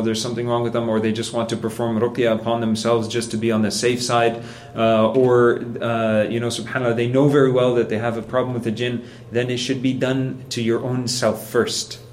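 A man's voice: medium pitch, darkish tone, slight background noise. A man giving a casual religious lesson in a conversational way, often checking in with "right?" and acting out how people react. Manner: conversational, keeps asking "right?". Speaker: religious teacher.

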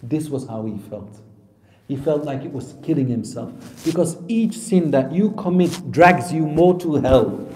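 A man preaching a sermon who swings between loud, emphatic lines and soft, low asides, often asking the audience questions and answering them himself. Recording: echoey hall with long reverb.

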